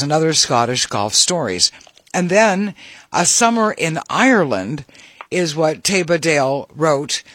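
A man's voice: fairly high pitch, a bit bright, no echo. Upbeat chatty male radio host. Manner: chatty, upbeat, reads station IDs. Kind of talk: casual radio interview.

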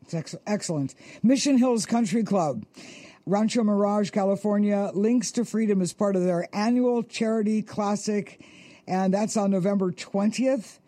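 A middle-aged woman hosting a radio interview, speaking in a thoughtful, hesitant, gentle way. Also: mid-range voice, normal speed, no room sound. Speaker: radio host.

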